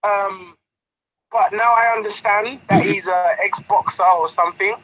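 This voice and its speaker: A man, a boxing trainer chatting in an interview, animated and often laughing as he tells a story. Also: high voice, measured pace, rough recording. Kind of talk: casual interview chat.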